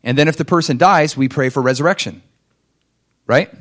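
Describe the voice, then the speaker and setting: A man preaching a conversational sermon, telling stories, asking the congregation questions and acting out the people in them. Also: brisk. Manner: acts out quoted people with big swings in pitch and loudness. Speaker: pastor.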